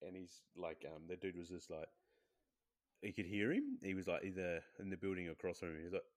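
A man chatting casually on a podcast, telling animated stories and acting out quotes in high voices. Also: fairly quick. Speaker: podcast co-host. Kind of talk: casual gaming chat.

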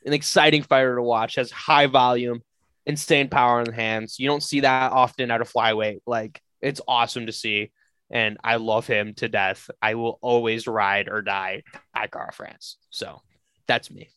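A young man co-hosting a casual podcast chat, excitable and foul-mouthed, often bursting into shouts. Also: medium pitch, normal speed, smooth, no room sound. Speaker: podcast co-host.

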